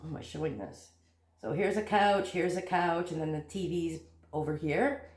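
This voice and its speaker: A woman hosting a crochet channel, telling a story to camera in a casual, animated and jumpy way, laughing at herself. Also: fairly low pitch, moderate pace. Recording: echoey room.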